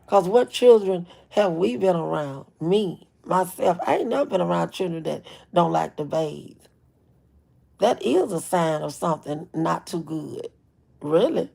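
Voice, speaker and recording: Blunt gravelly-voiced woman live streaming. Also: mid-range voice, warm tone. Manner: blunt, emphatic, repeats herself; greets chat viewers by name. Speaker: livestream host. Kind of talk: casual live-stream commentary.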